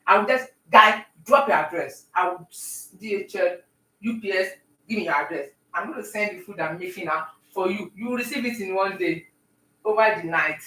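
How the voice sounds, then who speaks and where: A woman chatting with viewers on a live stream while she bakes at home, talking warmly and greeting people by name. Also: mid-range voice, a little fast, roomy sound, recorded from a distance, a little hiss or hum, rough recording. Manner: warm, talkative, talks to viewers by name. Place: home kitchen.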